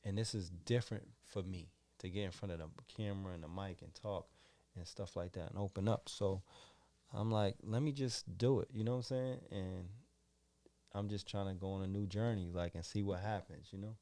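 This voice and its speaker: A man from Boston with a lowish voice, talking casually as a podcast host. He rambles through his thoughts and keeps adding "you know what I'm saying". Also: fairly even intonation, normal speed, dark tone. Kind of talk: casual interview chat.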